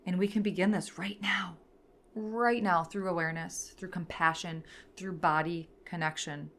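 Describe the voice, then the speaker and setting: A woman in her thirties, a podcast host and therapist, teaching in an earnest, gentle way with many fillers. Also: lowish voice, steady tone, moderate pace.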